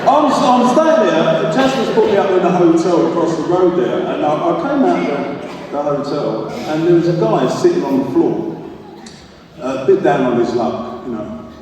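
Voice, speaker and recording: A man performing a stand-up comedy routine on stage, telling stories in a chatty, punchy way with quick asides. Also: fairly high pitch, lively intonation. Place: large concert hall with a live audience. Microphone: stage microphone recorded from the audience. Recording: distant, echoey hall recording with crowd noise.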